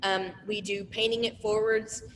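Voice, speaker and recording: A middle-aged woman who owns a small business, telling stories in a casual, animated interview and acting out the voices of people she quotes. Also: mid-range voice, normal speed, in a large hall, a little hiss or hum. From Oklahoma. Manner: animated, acts out quoted voices, tearful at times.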